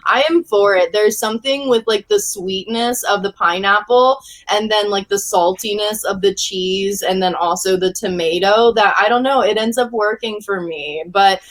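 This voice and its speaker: A woman's voice: medium pitch, moderate pace, hardly any pauses. A woman from Hawaii, a guest on a video-call chat show, talking casually, bubbly, laughing often and saying "like" a lot. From Hawaii, USA. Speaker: podcast guest. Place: home, lives in LA.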